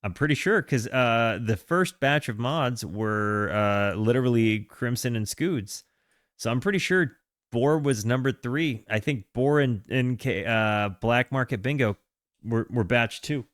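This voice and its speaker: A man hosting a music reaction stream, reading notes aloud and chatting with his viewers, halting and full of fillers. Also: medium pitch, expressive, no room sound, studio quality. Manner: chatty, halting, with frequent fillers and self-corrections; hearty shout-outs to chat. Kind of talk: casual live-stream chat and reading aloud.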